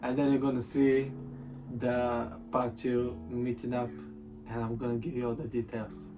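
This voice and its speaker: A man's voice: mid-range voice, monotone, normal speed. A man chatting casually as a vlogger about being a partner, joking and repeating his words. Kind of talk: casual chat. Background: soft guitar music.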